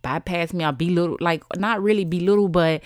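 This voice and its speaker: A woman in her thirties hosts a solo podcast, chatting casually and encouragingly as she speaks directly to her listeners. Her voice sits fairly low and moves at a fairly quick clip. The recording is clean studio audio with no echo.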